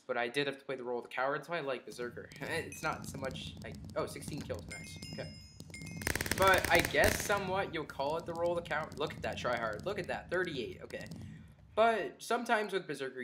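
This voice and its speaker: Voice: medium pitch, a bit bright, slight background noise. A gaming commentator talking through live gameplay, chatty and muttering reactions to the game. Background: keyboard and mouse clicks.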